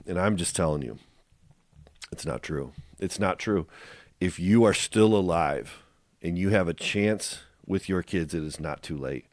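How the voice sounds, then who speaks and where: A middle-aged man hosts a faith-based podcast, speaking earnestly and asking his listeners direct questions. His low, slightly mellow voice moves at a moderate pace with no room sound.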